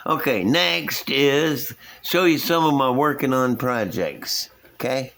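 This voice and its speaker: A middle-aged man who hosts a scale-modeling channel shows off his builds at an indoor workbench. His voice sits mid-range, fairly bright, with lively intonation and an unhurried pace. He chats in a folksy, rambling way and chuckles at himself.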